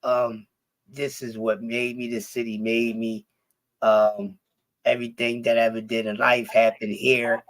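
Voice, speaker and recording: A man from Philadelphia chats casually as an interview guest, his voice carrying a slight lisp and a little rasp. He talks in a relaxed way, with plenty of fillers and a lot of swearing, and his pitch sits in an ordinary middle range. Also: measured pace. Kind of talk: casual chat.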